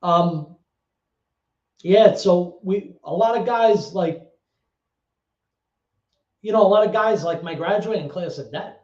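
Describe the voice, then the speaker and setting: A man's voice: high voice, takes it slowly, long pauses, darkish tone. A man with a New York accent telling personal stories in a rambling, profane way, full of fillers and restarts. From the Bronx, New York. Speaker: guest. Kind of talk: casual personal storytelling. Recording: roomy, dull lo-fi sound.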